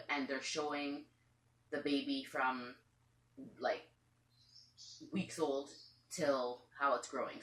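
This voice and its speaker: A woman's voice: low voice, sharp tone, reverberant, slight background noise. A woman parrot owner telling a long story to the camera at home, chatty and rambling, sometimes acting out what others said. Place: room at home with pet birds.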